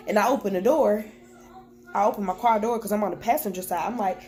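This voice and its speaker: Speaking fairly quickly in a mellow, mid-range voice, a young woman tells her camera a personal story from home while children are nearby. She keeps it candid and plain-spoken, quoting exactly what was said.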